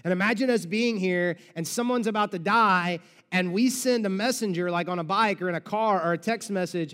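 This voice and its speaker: A male pastor preaching a sermon with animated storytelling and dramatic pauses, in a large church auditorium. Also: sits high, big-room sound.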